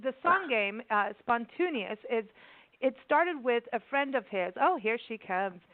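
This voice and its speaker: A woman radio host chats loosely and a little giggly, tripping into restarts as she goes. Her voice sits a touch high and comes through a thin, tinny phone line with no room sound at all. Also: lively intonation, unhurried, no room sound. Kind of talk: casual interview chat.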